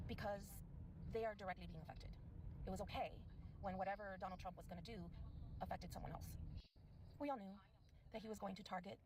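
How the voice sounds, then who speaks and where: Middle-aged woman, measured and indignant. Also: medium pitch, noisy background. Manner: measured, indignant, listing points. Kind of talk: prepared commentary to camera.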